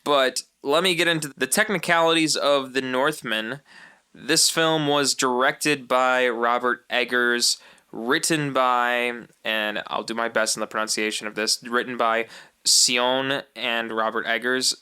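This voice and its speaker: Bright, clear-voiced male podcast host. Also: mid-range voice, fairly even intonation, unhurried. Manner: playful, reads film details aloud. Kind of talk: casual chat.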